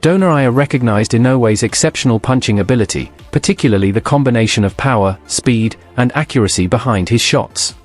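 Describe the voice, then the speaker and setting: A man reading formal, scripted sports narration in an even, measured manner. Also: medium pitch, faint music behind.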